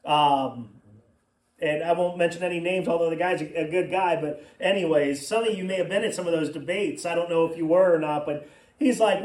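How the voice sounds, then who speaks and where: A man's voice: sits high, brisk, darkish tone. A man preaching a sermon as pastor, in a conversational way with personal asides, in a church. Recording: echoey room, mic at a distance.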